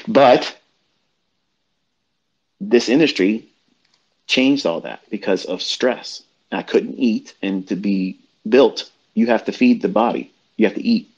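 A man's voice: on the low side, a little mellow, husky, muffled recording. A man giving a blunt, profane motivational rant as a trading mentor, lecturing his listeners, his voice jumping up when he gets worked up. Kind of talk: profane motivational rant on a live audio chat.

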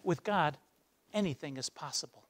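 A man giving a motivational speech, telling a story and acting out its voices, dropping low for the dramatic moments. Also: lively intonation, moderate pace. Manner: acts out the voices in his stories, drops low for dramatic moments. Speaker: guest speaker. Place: university lecture hall.

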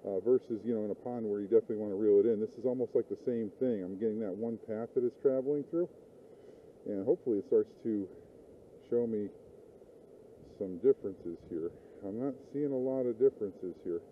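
A man's voice: lowish voice, brisk, slight background noise. A man narrating his fishing outdoors by a river, talking casually and rambling, swearing when things go wrong. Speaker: fishing vlogger. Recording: tinny lo-fi outdoor audio.

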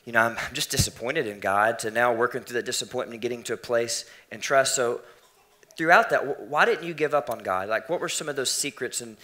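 Quick, bright-voiced pastor interviewing. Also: male voice, medium pitch. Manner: playful, joking, encouraging. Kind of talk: casual church interview. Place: church stage before an audience.

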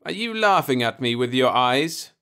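A man's voice: mid-range voice, sing-song, normal speed, fairly bright tone, clear, resonant tone. A man reading the part of a curious, insistent human envoy in an audiobook, asking pressing questions. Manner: pressing, questioning, rising to alarm.

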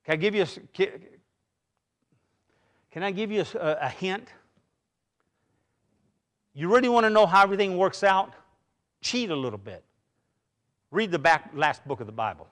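A man's voice: sits high, lively intonation, normal speed, pauses often, fairly bright tone. A middle-aged man preaching a sermon in a church, talking conversationally with personal stories and frequent restarts. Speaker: pastor. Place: church sanctuary.

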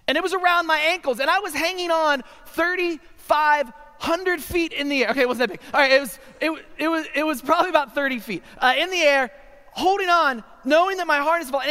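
A man with a very high, bright voice tells a funny story from a chapel pulpit, often asking "right?". His voice rings through a large, reverberant hall. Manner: comic, animated storytelling with frequent "right?" asides. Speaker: chapel speaker. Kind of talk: humorous storytelling sermon.

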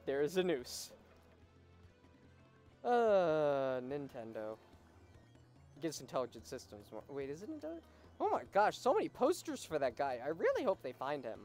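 A woman's voice: low-pitched, sing-song, moderate pace, pauses often, darkish tone, soft background music. Chatty woman narrating a game. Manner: chatty, reads game text aloud. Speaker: let's play host. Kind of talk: casual game commentary.

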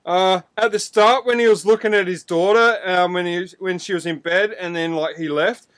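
A man co-hosting a podcast, arguing loudly and swearing in exasperation. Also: high voice, steady tone, moderate pace. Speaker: podcast co-host. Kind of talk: heated casual argument.

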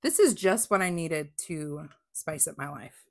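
A woman chatting through a craft unboxing, gushing with excitement and dropping to whispers. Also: low-pitched, a little slow. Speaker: crafting vlogger. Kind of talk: casual unboxing chat.

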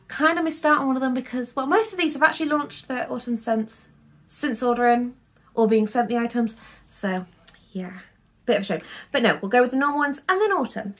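A young woman in a casual haul vlog, talking in a chatty, rambling way full of fillers. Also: on the high side. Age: young adult. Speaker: vlogger.

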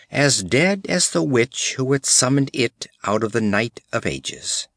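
A male audiobook narrator with a low voice tells an adventure tale slowly and deliberately. His pitch moves expressively through the dramatic passages. The studio sound is close and dry, with no room around it. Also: fairly bright tone, no echo. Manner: measured, vivid storytelling.

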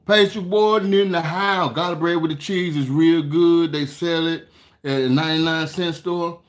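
Folksy guy with aave talking cooking, chatty storytelling, kinda high voice. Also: fairly even intonation. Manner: folksy, chatty, drawn-out storytelling with lots of "man" and "y'all". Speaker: cooking channel host. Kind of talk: casual cooking talk to viewers.

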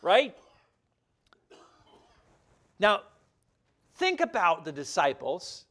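A man preaching a sermon as pastor, earnest and emphatic, swelling louder and dropping soft. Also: high voice, wildly swooping pitch, very slow. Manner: earnest, emphatic preaching with rising and falling intensity.

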